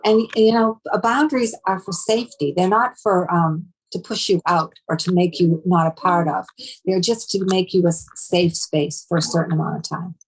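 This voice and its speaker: Hesitant, lower-voiced woman giving advice. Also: breathy edge, low-quality recording. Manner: hesitant, many ums and restarts, measured advice. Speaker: mental health professional guest. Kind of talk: advice-giving interview talk.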